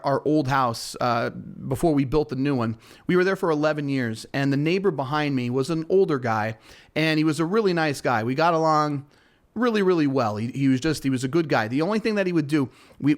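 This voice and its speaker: Chatty man telling a story. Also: fairly high pitch. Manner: rambling, with frequent restarts and fillers; chatty, self-deprecating. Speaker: real estate broker, podcast host. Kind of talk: casual storytelling monologue.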